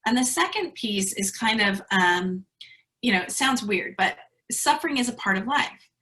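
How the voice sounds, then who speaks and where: A woman's voice: mid-range voice, animated, moderate pace, bright, forceful tone, rough recording. A woman giving an online presentation to educators, telling stories in a chatty way with fillers over a video call. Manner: conversational storytelling with fillers. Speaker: speaker at an educators' webinar.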